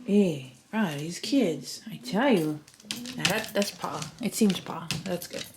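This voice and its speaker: A woman's voice: fairly low pitch, slow, darkish tone, slight background noise. Chatty young woman vlogging at home. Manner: chatty, thinking aloud while working. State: out of breath at times. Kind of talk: casual home vlog narration. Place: at home, moving through rooms. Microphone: handheld camera.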